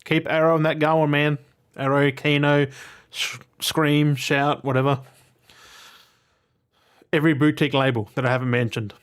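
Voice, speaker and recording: A man's voice: a little high, flat delivery, normal speed, long pauses, smooth. A man talking casually to his viewers about his movie and game pickups, rambling and swearing freely. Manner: blunt, swears casually, digresses and restarts often.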